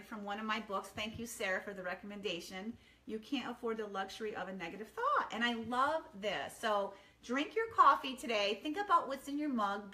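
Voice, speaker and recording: A middle-aged woman chatting casually from her quiet home kitchen, upbeat and rambling with many ums. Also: on the high side. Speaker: wellness vlogger. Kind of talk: casual morning chat to camera.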